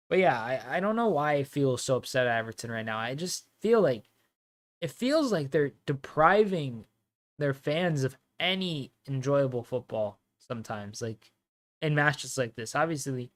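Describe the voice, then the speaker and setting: A young man hosting a live football watch-along, chatting casually in slang and breaking into loud, high outbursts at the action. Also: animated, normal speed.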